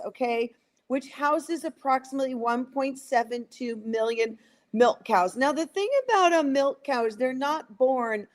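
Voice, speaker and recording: A woman in her sixties speaking as a guest on a talk show, emotional and indignant, sometimes acting out quoted voices. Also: on the high side. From United States. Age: 60s. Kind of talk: impassioned talk-show commentary.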